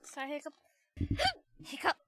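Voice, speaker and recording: A woman's voice: normal speed, bright, forceful tone. A woman streamer with the hiccups, chatting casually while sitting on the floor, exasperated with herself, swearing and laughing it off. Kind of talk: casual live-stream chat.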